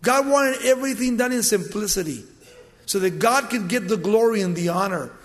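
Brief: high-voiced male preacher, dramatic storyteller, recorded in an echoing church hall. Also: lively intonation, moderate pace. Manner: storytelling, dramatic swings from loud to hushed. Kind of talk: sermon. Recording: long hall reverb.

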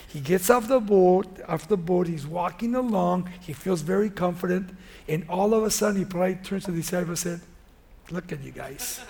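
A high-pitched man delivers a sermon, retelling a Bible story in an animated, conversational style and addressing his listeners directly.

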